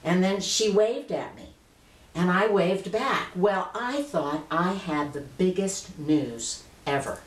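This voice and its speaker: A woman's voice: on the low side, animated, takes it slowly, reverberant, rough recording. A woman in her late fifties earnestly telling a personal story to the camera in a conversational way. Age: 50s. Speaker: vlogger.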